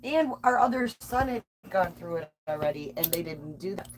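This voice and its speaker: A woman's voice: lowish voice, lively intonation, normal speed, a little hiss or hum. A mother in a casual chat, chiming in with short corrections and details.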